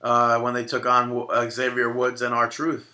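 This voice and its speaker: A man co-hosting a podcast in casual, joking chat, quick to argue a point. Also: medium pitch, completely flat delivery, sharp tone. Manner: joking, argumentative. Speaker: podcast co-host.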